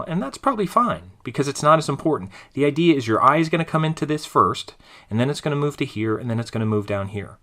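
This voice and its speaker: A man teaching a design class, talking casually through each step of a screen-recorded software tutorial as he clicks along. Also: medium pitch. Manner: relaxed, thinking aloud while clicking through steps.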